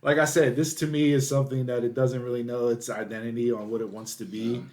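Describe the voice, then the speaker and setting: A man in his thirties chatting casually as a podcast co-host. He tells stories with animated energy and gets louder and higher when he reaches a punchline. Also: fast. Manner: animated storytelling, rising excitedly at punchlines.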